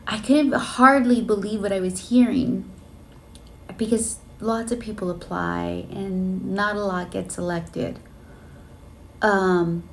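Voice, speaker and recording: A woman's voice: medium pitch, creaky, slight background noise. A woman telling her story in a casual vlog, earnest and emotional, with many fillers like "you know" and "like.". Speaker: flight attendant vlogger. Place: hotel room on a layover.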